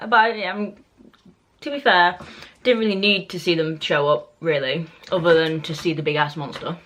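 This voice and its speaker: A young woman with a British accent talks straight to camera in a casual review vlog, her voice sitting a bit low. She is opinionated and loose, full of fillers, restarts and asides. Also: moderate pace, a bit bright, slight background noise. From Britain. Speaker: book and TV reviewer.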